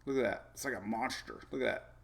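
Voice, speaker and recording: Gravelly-voiced chatty weather host, man. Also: mid-range voice, fast talker, a bit bright. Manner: rambling, chatty, laughs often, many fillers. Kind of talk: casual live weather talk.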